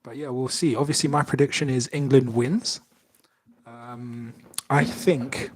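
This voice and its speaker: Male podcast co-host, casual and playful, reads quiz questions in a middle-pitched voice. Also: steady tone, unhurried, darkish tone, a little hiss or hum. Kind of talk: casual chat.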